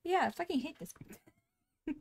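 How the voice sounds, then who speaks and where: A woman's voice: high voice, lively intonation, takes it slowly, darkish tone, slight background noise. A young woman streaming a game live, cursing and laughing in exasperation as she plays. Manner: swearing a lot, exasperated, laughing often. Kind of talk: live gameplay commentary.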